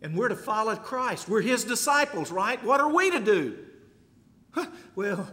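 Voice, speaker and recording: A man preaching a sermon in an emphatic voice, building to loud exhortation. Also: high-pitched, big pitch swings, a little slow, long reverb tail.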